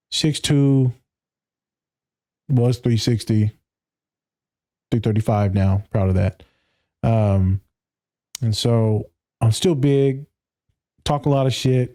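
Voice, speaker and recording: A man in his thirties, a therapist, speaks in a mellow, medium-pitched voice while chatting casually on a podcast. Blunt and profane, he laughs often and does voices when quoting people.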